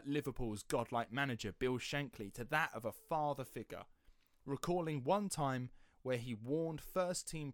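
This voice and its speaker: A man's voice: mid-range voice, dry recording, clean studio sound. A man hosting a podcast, telling a story in a chatty, sceptical way. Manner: chatty, sceptical, slips into quoted voices. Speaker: podcast host. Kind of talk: casual storytelling chat.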